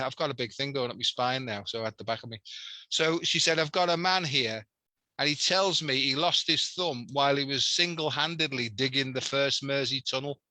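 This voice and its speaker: A man with a Liverpool accent, a guest and healer telling a story in casual chat, animated with chatty asides. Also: mid-range voice, dry recording, poor audio.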